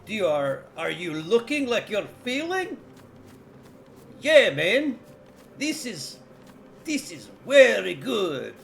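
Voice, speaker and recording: Hammy mock-Russian comrade, put on by a male streamer, booming, pitched up, swinging wildly. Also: sing-song, slow pace, vocal fry, pauses often, a bit bright, a little hiss or hum, exaggerated voice. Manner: exaggerated, booming, playful.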